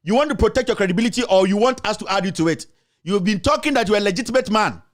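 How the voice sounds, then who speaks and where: Rapid-fire and high-pitched, a Ghanaian host and journalist launches into heated political commentary. He peppers it with accusing rhetorical questions.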